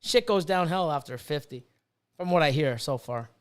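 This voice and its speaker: A fifty-something man with a high-pitched, smooth voice rants profanely and casually. He swears freely and breaks off to read viewers' chat aloud. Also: expressive, normal speed. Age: 50s. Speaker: livestream host and snake breeder.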